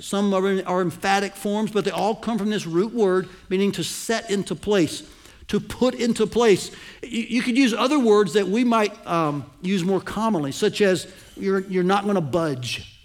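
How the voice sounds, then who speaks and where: A high-pitched man preaches to his congregation, walking through a passage point by point. He keeps asking whether they are following him, and he slows right down to land the key phrases. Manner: teaching, asks the congregation to follow along. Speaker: pastor. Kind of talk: sermon.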